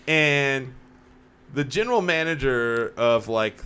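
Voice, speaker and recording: A man co-hosting a casual podcast chat, telling stories with lively acted-out quotes. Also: medium pitch, moderate pace, a crowd in the background. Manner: animated storyteller, acts out quotes. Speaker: podcast co-host. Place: small home studio.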